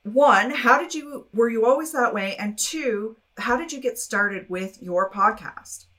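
Woman, interview host, higher voice, bright and forceful, engaged, affirming. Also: lively intonation, measured pace. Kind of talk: casual interview questions.

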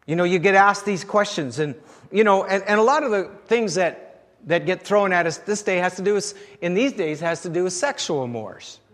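A man's voice: high-pitched, expressive, moderate pace, a bit bright, long reverb tail. A male pastor preaching a sermon in a conversational, storytelling way, often chuckling.

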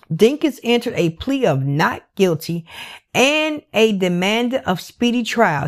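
A woman narrates a true crime case in a loose, conversational way, her voice sitting at an ordinary middle pitch. She talks candidly and with feeling, swears freely and keeps slipping in "like" as she goes. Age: adult parent. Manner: emotional, candid and profane, with many "like" fillers. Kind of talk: casual true crime recap.

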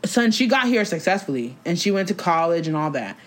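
A woman's voice: fairly low pitch, big pitch swings, brisk. A woman in casual chat, ranting emphatically with lots of slang, as a podcast co-host.

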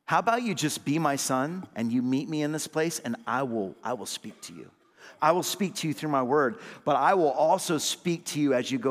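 A man, an associate pastor, preaching a sermon with call-and-response amens, swinging between loud emphatic lines and low hushed ones. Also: sing-song, a little fast, long reverb tail.

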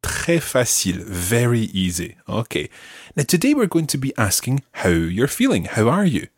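A man hosting a language course, teaching deliberately and slowing down to model words. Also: medium pitch, very animated, husky, no room sound, clean studio sound. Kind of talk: scripted language lesson. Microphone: close studio mic.

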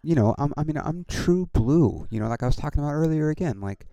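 A man's voice: a little high, expressive, quick pace, gravelly, mellow, no echo. A man hosting his own podcast, talking in a casual, rambling way with many restarts and frequent swearing. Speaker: podcast host and comedian.

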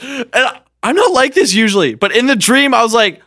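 A man in casual chat, telling a dream story in an animated way, laughing often and swearing, with lots of "like". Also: very high-pitched, a little fast, no room sound, clean studio sound.

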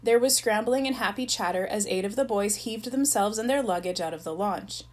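A woman reading a novel aloud, narrating in an even storytelling voice. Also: mid-range voice, fairly quick, poor audio. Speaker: reader.

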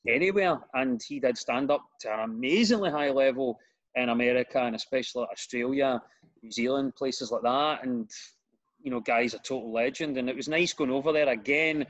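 A man's voice: mid-range voice, normal speed. Chatty middle-aged Glasgow man. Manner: chatty, self-deprecating, tells stories with put-on voices. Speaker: comedian and radio presenter. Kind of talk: casual podcast chat.

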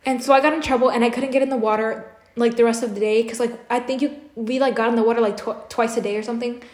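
Young woman rambling through a story on a podcast, kinda high voice, echoey room. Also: steady tone, fast, darkish tone. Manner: rambling storyteller, heavy on filler words. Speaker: podcast co-host. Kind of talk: casual chat.

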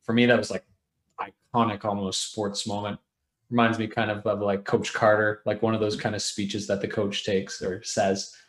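A man with a lowish voice co-hosts a sports podcast, chatting in an easygoing, conversational way and putting questions to his partner. The sound is roomy, with a noticeable echo around him. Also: normal speed. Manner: relaxed, conversational, asks questions. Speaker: podcast co-host. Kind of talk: casual sports podcast chat.

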